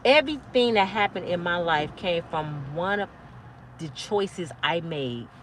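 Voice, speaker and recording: A woman in her fifties giving a blunt, profane, preachy monologue to camera, yelling at times. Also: fairly low pitch, expressive, unhurried, slight background noise. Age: 50s. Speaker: motivational vlogger.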